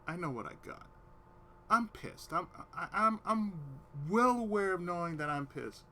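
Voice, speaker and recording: A man's voice: high-pitched, animated, moderate pace, pushed and bright, slight background noise. A man telling a long personal story to his stream in casual, swearing-heavy talk, sometimes dropping to a near whisper to quote himself. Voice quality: swears a lot, drops to a whisper when quoting himself.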